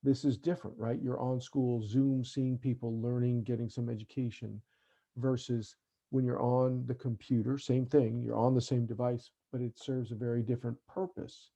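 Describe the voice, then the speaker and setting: Gravelly dark-voiced man on a call. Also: medium pitch, little pitch movement, normal speed. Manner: earnest, tags sentences with "right?". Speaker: parenting speaker. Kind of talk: webinar talk to parents. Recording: dull lo-fi online call audio.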